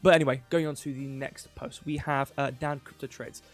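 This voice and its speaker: A man's voice: mid-range voice, steady tone, brisk, faint music behind. A young man hosting a casual crypto livestream, rambling with lots of fillers and offhand jokes. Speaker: crypto news host.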